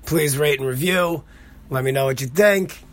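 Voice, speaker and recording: A podcast host with a fairly high voice talks at normal speed in a casual solo rant. He swears freely and tells a story animatedly, getting heated as he retells it.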